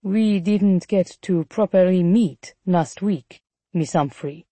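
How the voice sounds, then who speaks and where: A woman voicing a smooth older male executive with a French accent who speaks in a suave, unhurried, politely charming way. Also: on the low side, dark tone, dry recording.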